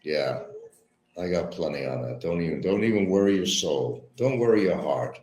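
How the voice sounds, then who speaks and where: A middle-aged man ranting bitterly on a livestream, repeating himself, mocking others and swinging between low mutters and loud outbursts. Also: expressive, normal speed. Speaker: livestream host. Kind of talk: rambling livestream rant.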